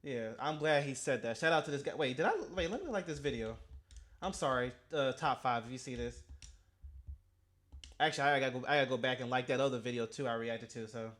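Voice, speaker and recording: A man in a mid-range voice, reacting casually to a video. He talks back at what he sees, animated and blunt, and often stumbles, repeats himself and restarts mid-sentence. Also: mid-range voice, brisk.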